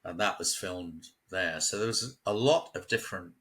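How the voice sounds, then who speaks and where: Man, from England, very low pitch, bright tone, chatty storyteller, casual chat. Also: normal speed. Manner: chatty storyteller, laughs often. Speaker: local guest. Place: at home near a village.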